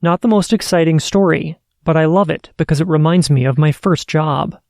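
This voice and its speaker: A man hosting a podcast, reading listener stories aloud in a steady, earnest way. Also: a little high, moderate pace, gravelly, dry recording, studio quality. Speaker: podcast host.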